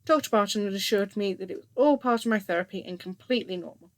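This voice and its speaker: A woman narrating a first-person story in a steady, scripted reading voice. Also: medium pitch, fast, dry recording.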